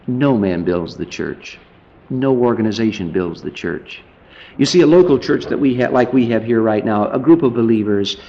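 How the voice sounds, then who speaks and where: A man's voice: a little mellow, dull audio. A man preaching a sermon, citing scripture references and building to emphatic, fervent passages. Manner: emphatic, rising to fervent high-pitched preaching; lists scripture references as he teaches.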